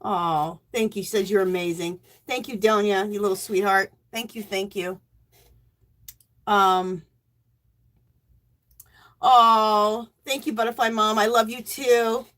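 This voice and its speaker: A middle-aged woman hosting a casual livestream, emotional and teary, thanking viewers by name and cheering with loud whoops. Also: mid-range voice, fairly even intonation, slow pace, long pauses. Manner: thanks donors warmly by name. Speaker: livestream host.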